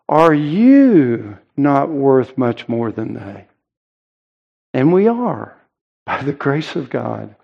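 A man preaching a sermon in an earnest, emphatic way, with deliberate pauses. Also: mid-range voice, a little mellow, highs cut off. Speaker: pastor.

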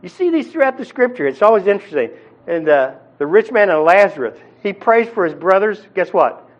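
A man's voice: high-pitched, very animated, a little fast, highs cut off. A man preaching a sermon in a conversational teaching style, with frequent fillers and restarts. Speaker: pastor.

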